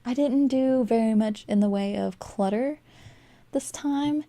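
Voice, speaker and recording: Young woman, mellow warm voice, rambling chatty game commentary, sleepy. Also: a little high, a little slow. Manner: rambling, chatty, with frequent fillers and little laughs. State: sleepy, yawning. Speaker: game building vlogger. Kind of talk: casual voice-over commentary while building. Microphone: desk microphone.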